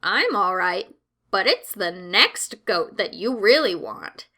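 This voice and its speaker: Woman doing a sly middle goat, smooth talker, bright storybook voice. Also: medium pitch, sing-song, slow pace, pitched below the performer's own voice, full character voice. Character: middle male billy goat, sly and calm.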